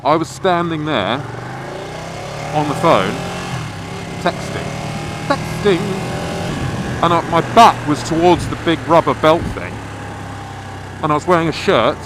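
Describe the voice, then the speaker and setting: Man, somewhat high voice, rambling and profane anecdote, recorded in a car with loud engine noise. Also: animated, a little slow, long pauses. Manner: swears freely, rambling anecdote. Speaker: vlogger. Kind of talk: casual storytelling.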